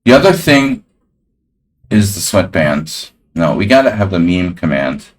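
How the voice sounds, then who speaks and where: Male chess streamer, very low voice, loose rambling live commentary to chat. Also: big pitch swings, measured pace. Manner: casual, rambling, talks to chat.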